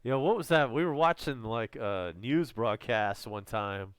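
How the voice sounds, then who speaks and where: A man with a Southern American accent calling live baseball play-by-play as a fan, chatty between pitches and loud on home runs, his voice strained and close to giving out. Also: moderate pace, clean tone, dry recording. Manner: casual, chatty calls with excited home run shouts.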